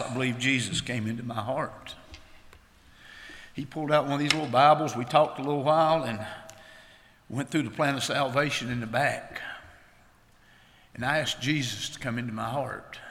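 A man giving an earnest, plain-spoken church testimony, halting now and then. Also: medium pitch, bright, forceful tone. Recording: long hall reverb.

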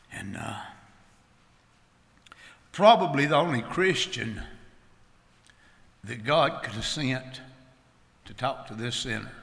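A man giving an earnest, plain-spoken church testimony, halting now and then. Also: medium pitch, creaky, pushed and bright. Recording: long hall reverb.

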